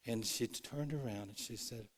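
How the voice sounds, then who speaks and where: A man preaching a sermon in a church, earnest, moving between loud and hushed, acting out the quotes he tells. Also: medium pitch, normal speed. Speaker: pastor. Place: church sanctuary.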